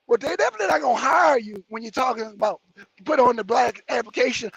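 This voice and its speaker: A man's voice: very high-pitched, expressive, fast talker, gravelly, a bit bright, breathy edge, dry recording. A man hosting a live commentary stream, reading viewer comments aloud and ranting about them with lots of swearing. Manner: heated, profane, repeats and mocks viewer comments. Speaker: YouTube commentator.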